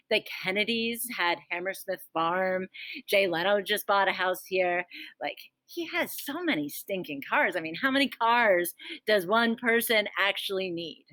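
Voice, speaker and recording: Chatty teacher, dry sound. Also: female voice, mid-range voice, fairly bright tone, dry recording. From Rhode Island. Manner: chatty, with jokey asides. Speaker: school band teacher. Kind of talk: school morning announcements.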